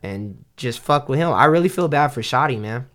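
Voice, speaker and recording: A man's voice: mid-range voice, expressive, normal speed, fairly bright tone. A man co-hosting a podcast, talking casually in a loose, slangy and profane way, rambling with restarts. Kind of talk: casual chat.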